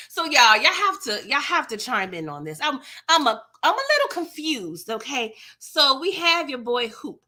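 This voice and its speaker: A woman's voice: medium pitch, pushed and bright. A young adult woman hosting a live TV recap stream, chatting casually and expressively with slang and frequent laughter while she reads out viewer comments.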